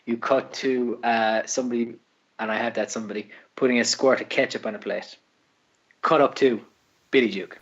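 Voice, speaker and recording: A man's voice: mid-range voice, fairly even intonation, lo-fi sound. Laid-back, profane podcast co-host man. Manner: laid-back, halting riffing with frequent swearing. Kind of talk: casual chat.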